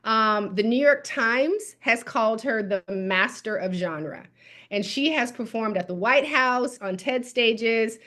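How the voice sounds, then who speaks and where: Rich: A woman hosting an online gathering who introduces a guest slowly and haltingly. Her voice is fairly high. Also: fairly bright tone. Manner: halting, with fillers. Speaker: host.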